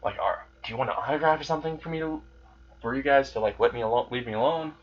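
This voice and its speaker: A man voicing an arrogant young male demon who is tired of his fans, speaking with casual sarcasm and quiet menace. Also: medium pitch, fast, muffled recording, natural voice. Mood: smug.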